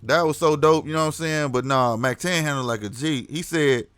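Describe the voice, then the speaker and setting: Man, fairly high voice, casual livestream chatter, laughs a lot, dry close sound. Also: fairly quick, clear, resonant tone, no echo. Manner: animated, laughs a lot, reads chat aloud. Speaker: livestream host.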